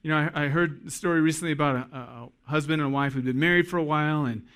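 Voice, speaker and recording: A man's voice: a little high, quick pace, fairly bright tone, clean tone. A man preaching a sermon to husbands in a folksy, joking way that addresses the men directly. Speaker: pastor.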